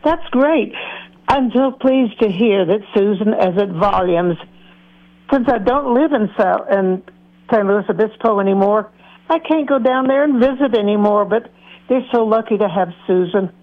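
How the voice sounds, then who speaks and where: A woman calls in to a radio show and speaks warmly and effusively. Her voice comes through a dull, muffled call-in line. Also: mid-range voice, moderate pace. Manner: warm, gushing, effusive. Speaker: caller. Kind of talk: phone-in call.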